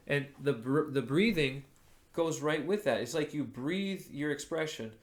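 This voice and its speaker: A man's voice: mid-range voice, lively intonation, normal speed. A male voice teacher, stuffed up from allergies, explaining technique and breaking off to demonstrate vocal sounds. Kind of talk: spoken voice lesson with sung demonstrations.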